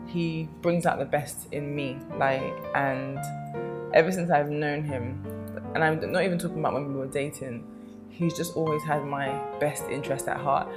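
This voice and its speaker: A woman's voice: low-pitched, steady tone, moderate pace, over music. A young woman talking casually to camera, chatty and affectionate, rambling with lots of fillers. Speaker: vlogger.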